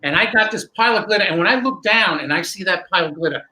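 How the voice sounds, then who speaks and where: A man, a magician guest, telling a long animated story with many restarts in a candid interview. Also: high-pitched, fast talker, low-quality recording.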